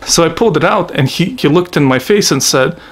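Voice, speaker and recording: Russian-born guy ranting about his past, lots of swearing, kinda high voice, wanders off topic. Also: animated, a little fast, slightly rough. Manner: profane, blunt, digressive. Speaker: vlogger. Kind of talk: casual storytelling monologue.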